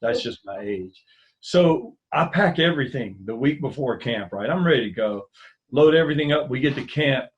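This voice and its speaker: A man's voice: medium pitch, moderate pace, highs cut off. A middle-aged man from the US mainland, a former school ministry coordinator, telling stories in a casual interview over a video call and acting out the voices of the people he quotes. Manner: animated storyteller who acts out quoted dialogue with a lifted voice.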